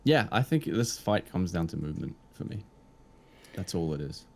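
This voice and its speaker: A man's voice: deep voice, big pitch swings, moderate pace, vocal fry, a little mellow, a little hiss or hum. A man co-hosting a podcast in casual chat, laid-back, often answering with short agreements. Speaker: podcast co-host.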